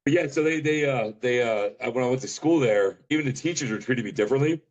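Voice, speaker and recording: A middle-aged man from Pennsylvania, a podcast guest telling a rambling story, with a deep voice and casual slang. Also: muffled recording. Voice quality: deep voice often remarked on. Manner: rambling, fast, says bro and dude.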